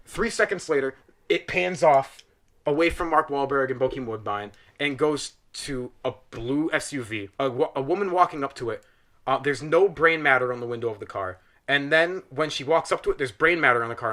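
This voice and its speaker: With a medium-pitched voice and a slightly quick delivery, a young man on a podcast tears into a film in a casual comedic rant. His storytelling is animated, exaggerated and profane.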